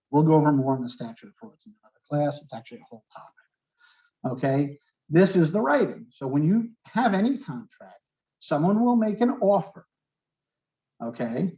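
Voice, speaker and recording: A man with a New York accent leads a real estate lesson and walks his students through terms with simple everyday examples, checking in with them as he goes. His voice sits a little high, and the recording sounds muffled and lo-fi. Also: darkish tone. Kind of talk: online class lecture.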